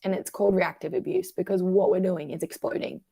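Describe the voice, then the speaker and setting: A woman, a coach talking through emotional patterns in a conversational interview, animated and acting out the voices she quotes. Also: on the low side, fairly quick, creaky, husky, no echo. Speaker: guest coach.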